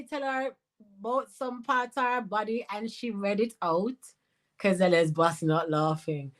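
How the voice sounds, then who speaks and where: Animated woman a lilt. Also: medium pitch, measured pace. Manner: animated, slips into patois, bursts of laughter. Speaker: life coach and commentator. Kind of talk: livestream commentary reading comments.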